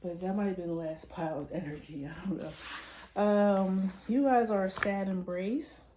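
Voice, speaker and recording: A woman's voice: medium pitch, a little slow, mellow, slight background noise. A woman giving a casual tarot reading, chatty and musing as she talks straight to her viewers. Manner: chatty, loose and musing, addresses viewers directly. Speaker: tarot reader.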